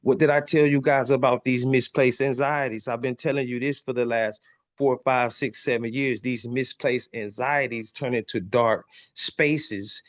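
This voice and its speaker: A man's voice: mid-range voice, fairly even intonation, moderate pace. A man hosting a podcast, teaching on spiritual topics in a preachy way, reading passages aloud and repeating lines for emphasis, often stumbling over repeated words. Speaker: podcast host.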